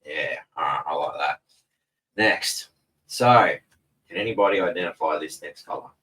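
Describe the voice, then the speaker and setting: Australian man, deep voice, casual home live-stream host, rambling and sweary, slightly distant mic. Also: normal speed, pushed and bright. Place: home room in front of a TV. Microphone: camera mic set back from him.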